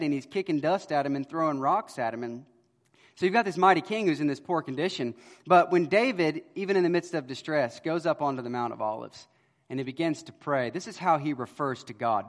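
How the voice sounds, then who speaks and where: A man preaching a sermon as pastor, earnest, swelling loud on key words and then dropping to a hush. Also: on the high side, expressive, brisk. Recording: long hall reverb.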